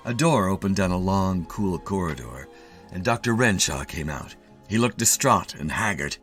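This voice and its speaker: Brief: a man reading a short story aloud, animated and bright, soft music underneath. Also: sits low, moderate pace. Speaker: story reader. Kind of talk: scripted story narration.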